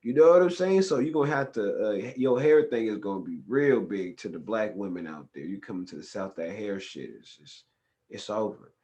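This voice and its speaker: Profane, animated man. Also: fairly low pitch, moderate pace, muffled recording. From California. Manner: profane, animated storytelling with rising excitement. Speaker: podcast host. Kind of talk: casual chat.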